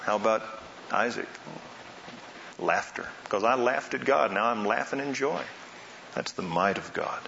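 A man preaching a sermon, asking rhetorical questions and swinging between soft and loud delivery. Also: lowish voice, unhurried, creaky, long pauses, slight background noise. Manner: dramatic swings in loudness and pace, rhetorical questions. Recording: roomy, slightly dull sound.

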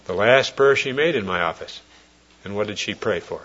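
A man preaching a sermon, telling a story earnestly and often dropping his voice soft and low. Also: moderate pace, husky. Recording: dull lo-fi old recording.

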